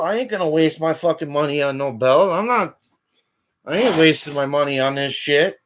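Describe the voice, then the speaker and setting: A man's voice: on the high side, animated, normal speed. Furious swearing man ranting on a call-in line. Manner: swears constantly, rising to shouting. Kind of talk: angry profane rant.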